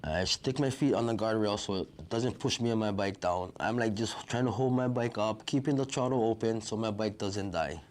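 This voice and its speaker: A man's voice: fairly low pitch, moderate pace, hardly any pauses, darkish tone, a little hiss or hum. A middle-aged man, telling a survivor's story in a vivid present-tense retelling that acts out what people said. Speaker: wildfire survivor. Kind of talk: personal storytelling.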